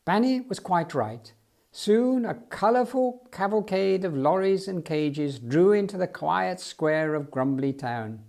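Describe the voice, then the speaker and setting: A man reading a children's story aloud in an expressive, storytelling way. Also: high voice, unhurried, gravelly. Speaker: storybook reader.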